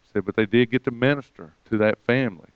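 A man delivers a sermon as a story, quoting others by pitching his voice higher. His voice is smooth and clear. The recording is dry and a little dull. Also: fast, no echo. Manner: retells conversations, quoting others with rising pitch. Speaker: preacher.

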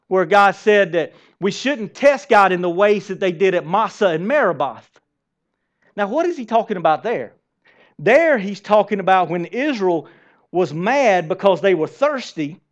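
High-voiced man preaching a sermon. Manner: lively preaching, asks the congregation direct questions. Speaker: pastor. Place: church sanctuary with congregation. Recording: dull lo-fi sermon recording.

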